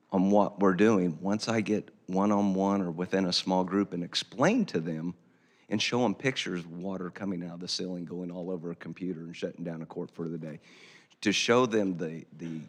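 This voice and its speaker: A man, a county commissioner, speaking at a public council meeting in a folksy, emphatic way that repeats points for effect. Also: low-pitched. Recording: hall reverb.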